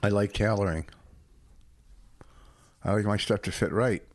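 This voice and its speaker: A man's voice: fairly low pitch, unhurried, dry recording. A man co-hosting a podcast, defensive and matter-of-fact in casual banter. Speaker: podcast co-host.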